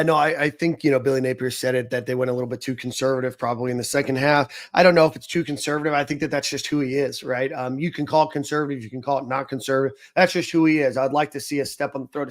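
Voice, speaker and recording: A man's voice: medium pitch, fairly even intonation, fast, few pauses. Conversational man hosting a podcast. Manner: conversational, lots of fillers like um and you know. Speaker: podcast host. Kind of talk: casual sports chat.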